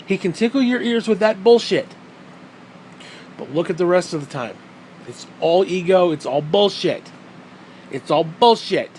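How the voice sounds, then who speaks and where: A man's voice: sits high, moderate pace, darkish tone, slight background noise, poor audio. A man giving a heated, profane commentary rant on video, blunt and repeating his points for emphasis. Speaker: vlogger.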